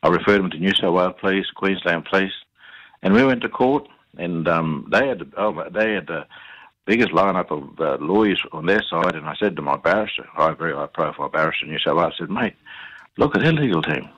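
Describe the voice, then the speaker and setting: An Australian man giving an interview, telling his stories in a halting way with many fillers and repeated words. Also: deep voice, fairly bright tone, husky, highs cut off. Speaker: interview guest. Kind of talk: conversational storytelling.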